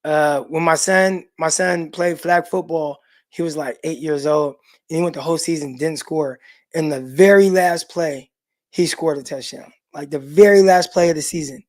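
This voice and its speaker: A man's voice: a little high, steady tone, normal speed. A middle-aged man hosting a sports livestream, chatting casually and answering viewer comments in a loose, laid-back way with many fillers. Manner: talks straight to the live chat and reads out viewer comments. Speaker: sports show host.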